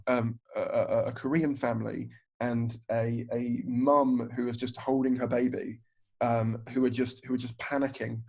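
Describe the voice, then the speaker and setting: A man's voice: mid-range voice, vocal fry, a little mellow. A man, a stand-up comedian telling a story on a podcast, swearing freely and acting out other people's lines. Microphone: video call. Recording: dull, lo-fi video call audio.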